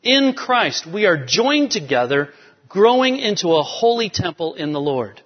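In a church sanctuary, a man preaches as pastor, explaining scripture and building up to emphatic peaks. His voice sits high and sing-song at a normal speed, and the recording sounds dull with long hall reverb.

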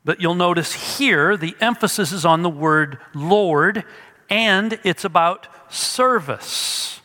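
Slow, bright-voiced male preacher. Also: high voice, long reverb tail. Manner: emphatic, teaching with rhetorical questions. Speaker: pastor. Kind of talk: expository sermon.

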